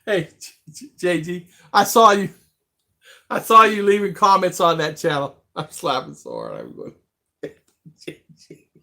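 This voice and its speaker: A man's voice: high-pitched, big pitch swings, unhurried, gravelly, pauses often, bright, forceful tone. Chatty man hosting a rambling live vlog. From abroad, living in the Philippines. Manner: rambling, chatty, laughs often. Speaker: vlog host reading viewer comments. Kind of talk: casual live-stream chat.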